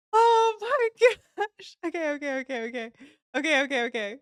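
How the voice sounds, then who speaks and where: A woman's voice: high-pitched, very animated, normal speed, dry recording, studio quality. A woman hosting a reaction video, talking casually in gushing exclamations.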